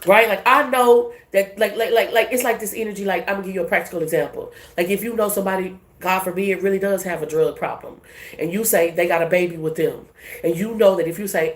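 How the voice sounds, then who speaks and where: A woman giving a casual tarot reading in a brash, profane, animated way. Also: mid-range voice, fast talker, echoey room. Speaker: tarot reader.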